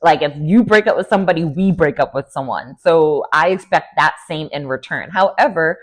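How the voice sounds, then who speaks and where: Chatty woman with a low-ish voice. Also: moderate pace. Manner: chatty and gossipy, with sudden playful quoting. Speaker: TV recap vlogger. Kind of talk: casual recap commentary.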